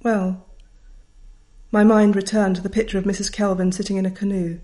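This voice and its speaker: A middle-aged woman reads from her own memoir. Her delivery is wry and reflective, with a measured storyteller's pace and a medium pitch. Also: little pitch movement, mellow. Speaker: author. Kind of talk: reading a personal memoir aloud.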